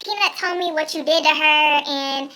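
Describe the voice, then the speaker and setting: A woman's voice: high-pitched, normal speed, bright, forceful tone, slight background noise, pitched above the performer's own voice. A woman voicing a pushy young woman, an ex-girlfriend who earnestly explains why she showed up.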